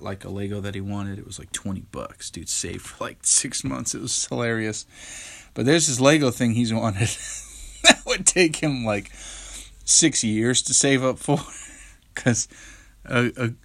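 Here the young host's voice sits mid-range with a fairly bright tone. He's worn out and yawning as he loosely recounts his week on his solo podcast, restarting sentences and leaning on fillers.

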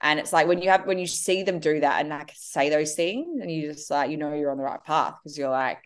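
Woman, 30s, podcast guest, lowish voice, animated storyteller. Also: brisk. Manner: animated, acts out her kids' voices. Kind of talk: casual conversation.

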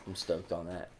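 Casting: thirties male podcast guest, very low voice, laid-back skater talk, heavy swearing. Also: darkish tone, a little hiss or hum. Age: 30s. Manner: laid-back, swears a lot, laughs often. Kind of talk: casual chat.

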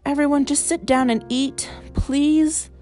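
A woman's voice: sits high, steady tone, a little slow, a little mellow, soft background music, pitched above the performer's own voice. A woman voicing a fretful, competitive middle-aged mother who turns pleading and apologetic, read in a story.

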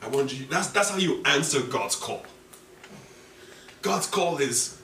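A man preaching a sermon with passion, rising to high, emotional pleas. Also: animated, unhurried, pauses often, bright, forceful tone, slight background noise. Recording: echoey room from a distance.

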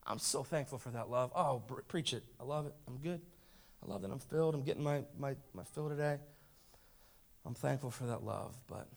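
A man in his thirties preaching a sermon, moving between hushed, quiet asides and loud, emphatic lines, firing rhetorical questions at the congregation. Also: mid-range voice. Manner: dramatic swings from hushed to loud. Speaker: pastor.

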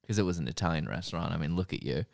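A man's voice: deep voice, very fast, vocal fry, dry recording. A young man co-hosting a podcast, telling stories with lots of swearing. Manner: animated storyteller, swears freely. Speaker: podcast co-host. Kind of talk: casual chat.

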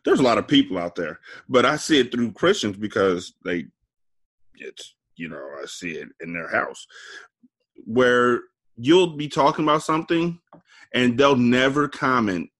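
A man's voice: medium pitch, expressive, measured pace, fairly bright tone. A man co-hosting a podcast in casual chat, laid-back and blunt with his opinions. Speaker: podcast co-host.

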